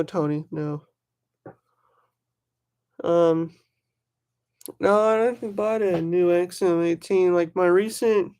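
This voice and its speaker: The voice is clean in tone and mid-range, belonging to a knife collector chatting casually on a livestream. The speaker is excitable and rambling, naming viewers from the chat.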